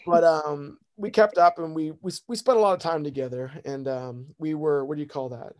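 A man in his thirties tells a casual, rambling personal story with self-deprecating humor, often voicing what others said. His voice is a little high and slightly mellow, with fairly even intonation at a normal speed.

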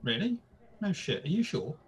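A British co-host on a comedy podcast theatrically performs crude, mock-formal pub banter from a script. His voice is a little high, husky and sing-song, at normal speed.

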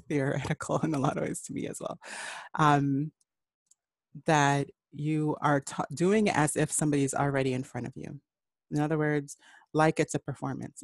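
A singing teacher talks the listener through practice in a loose, encouraging way, often restarting sentences and filling gaps with "um" and "like." The voice has a gravelly, fry-tinged texture. It is recorded dry and close, with no room sound. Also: medium pitch, no echo. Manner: chatty, rambling, with frequent fillers and restarts; encouraging, addresses the listener directly. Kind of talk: casual spoken lesson.

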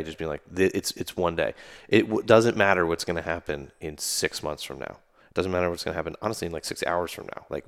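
A man and army veteran, talking loosely as a guest in a casual interview, full of fillers and restarts. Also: low-pitched. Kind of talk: casual conversational storytelling.

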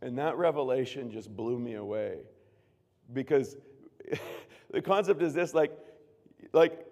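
A man preaching a sermon as pastor, earnest, moving from hushed tones to loud emphatic bursts. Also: mid-range voice, unhurried, long pauses. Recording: long reverb of a large room.

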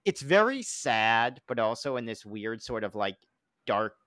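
A podcast co-host who talks in loose, joking riffs and restarts his sentences often. He is a man whose pitch rises and falls widely as he jokes. The sound is dry and close, with no room in it. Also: unhurried, dry recording. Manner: animated, jokey, trails off and restarts. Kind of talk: casual comedic chat.

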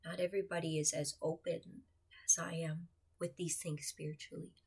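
Speaking at a normal speed with little pitch movement, a woman with a husky, gravelly, lowish voice addresses her viewers earnestly. She is a churchgoer recounting her faith testimony confidingly, frequently sinking to a whisper.

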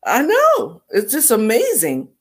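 Slow-talking animated woman co-host. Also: on the high side. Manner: animated storyteller, acts out voices in anecdotes. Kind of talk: casual family podcast chat.

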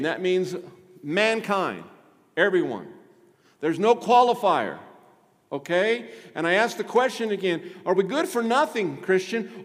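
A man preaching a sermon in a fairly high voice, leaning hard on rhetorical questions and drawn-out emphasis. His voice rings through a church with a long, lingering reverb. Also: fairly bright tone. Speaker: pastor.

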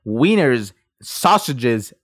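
A man's voice: medium pitch, extremely slow. A man with a lisp co-hosting a podcast in casual, swearing chat. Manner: lively, swearing, laughs a lot. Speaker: podcast co-host.

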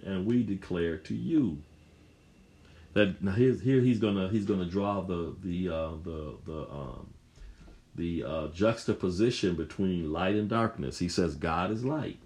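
Man preaching, very low voice, emphatic, repeats phrases, sermon delivery. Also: expressive, normal speed, darkish tone.

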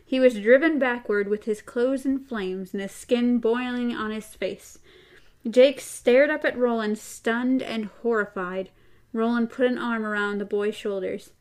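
A woman co-hosting a podcast, reading a novel aloud and breaking into animated, chatty asides. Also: fairly high pitch, measured pace. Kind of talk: book reading with casual chat.

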